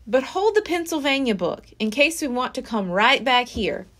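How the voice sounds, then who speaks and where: A woman's voice: high-pitched, sing-song, moderate pace, a bit bright, exaggerated voice. A woman voicing a cautious, nervous young boy. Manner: careful, hesitant.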